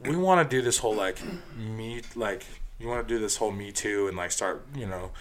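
A man's voice: lowish voice, a little fast. A man casually telling a long story from his nightlife job, profane and rambling, full of fillers, getting heated as he retells it.

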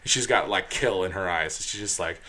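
A man's voice: sits low, normal speed, slight background noise. Man telling a rowdy story, swearing freely. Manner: profane, animated storytelling with many fillers. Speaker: storyteller recounting his bouncer work. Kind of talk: casual chat.

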